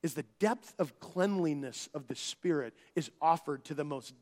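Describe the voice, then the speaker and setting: Male pastor, high voice, earnest sermon delivery, loud then hushed. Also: animated, normal speed. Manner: earnest, swings between loud emphasis and hushed low phrases.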